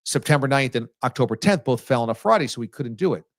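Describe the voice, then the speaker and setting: A male sports radio host telling stories casually, animated and teasing, with sudden jumps in his voice. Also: medium pitch, fast, no echo, clean studio sound. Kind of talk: casual storytelling on a sports talk show.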